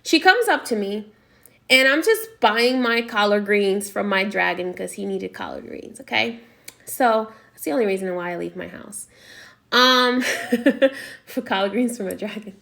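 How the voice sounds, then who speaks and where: A woman's voice: mid-range voice, unhurried, creaky, bright, forceful tone. A woman who teaches spiritual practice, telling a story in a chatty monologue and checking in with her listeners. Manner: chatty, frequent "okay?" check-ins.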